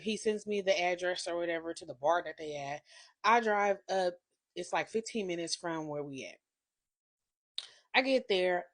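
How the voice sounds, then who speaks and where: A woman in her thirties telling a confession story on her vlog, animated and profane, swinging between hushed and loud. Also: mid-range voice. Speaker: vlogger.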